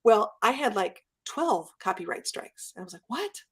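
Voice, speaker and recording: A woman guest chatting casually in an interview, telling stories with lively acted-out quotes. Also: medium pitch, moderate pace, husky. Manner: animated storyteller, acts out quotes. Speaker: guest YouTuber.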